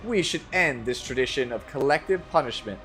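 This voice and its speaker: A man voicing a calm, principled young knight in a live game dub, reading in a measured, lowered, sincere way. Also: faint music behind, close to an everyday voice. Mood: earnest. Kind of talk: amateur game voice-over read live on stream.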